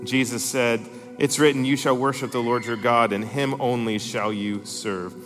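A man's voice: mid-range voice, steady tone, moderate pace. A man preaching a sermon, reading scripture aloud with emphatic, rising intensity. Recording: long reverb in a large hall, faint music.

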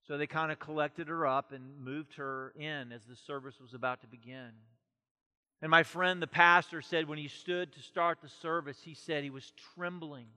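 Impassioned preacher in a reverberant hall. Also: male voice, a little high. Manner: impassioned preaching, swings from loud to hushed. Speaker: pastor. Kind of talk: sermon.

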